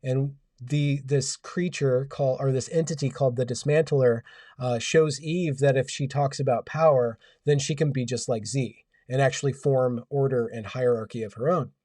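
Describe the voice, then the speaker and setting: A man's voice: medium pitch, steady tone, normal speed, mellow, dry recording, studio quality, recorded from a distance. A man hosting a casual livestream, rambling wryly and reading out viewers' comments. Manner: rambling, wry, reads out chat comments. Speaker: livestream host. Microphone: home audio setup.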